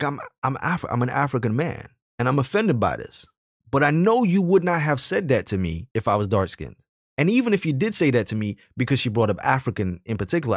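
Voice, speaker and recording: A man's voice: medium pitch, no echo, studio quality. A man giving opinionated personal commentary, earnest and argumentative, backing his points with stories from his own working life. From Jamaican heritage, raised in the hood.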